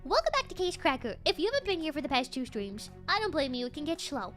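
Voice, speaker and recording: A woman's voice: high voice, big pitch swings, fast talker, a bit bright, soft background music. A young woman streaming a game, chatting with her viewers in a bubbly, giggly way and greeting them again and again. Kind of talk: live game stream chat.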